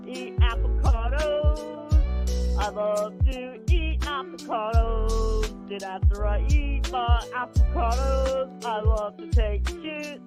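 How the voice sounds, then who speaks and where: A man's voice: very high-pitched, takes it slowly. A man playing a crude, goofy avocado lover in a sing-song novelty song over music. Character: crude silly avocado-loving man singing a jingle.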